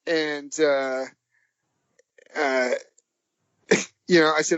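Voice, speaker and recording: A man on a podcast as the guest, telling a long anecdote in a rambling, halting way, chuckling as he goes. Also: a little high, a bit bright, no echo. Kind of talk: anecdotal storytelling. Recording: dull, dry lo-fi audio.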